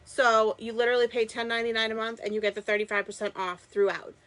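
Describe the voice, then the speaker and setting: A woman's voice: fairly high pitch, fairly even intonation, fast talker, fairly bright tone. Chatty woman with a Boston accent. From Massachusetts. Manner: chatty and enthusiastic, talks to viewers while working. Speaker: crafter hosting a live stream. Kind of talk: live craft demo chat.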